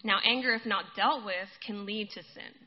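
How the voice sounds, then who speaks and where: A woman's voice: medium pitch, moderate pace. A woman giving a casual sermon, talking conversationally to her listeners and calling them guys. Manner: conversational, addresses listeners as guys, laughs often. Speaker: preacher. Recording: dull lo-fi recording.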